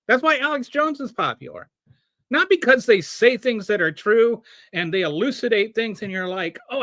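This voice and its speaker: Lively, high-voiced man ranting. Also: no room sound, studio quality. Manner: animated, with many restarts and rhetorical questions. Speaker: show host. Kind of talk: casual political commentary.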